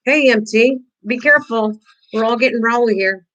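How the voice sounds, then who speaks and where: A woman's voice: fairly high pitch, normal speed, a bit bright, low-quality recording. An older woman hosting a casual live-stream craft tutorial, chatting with viewers, teasing them and laughing often.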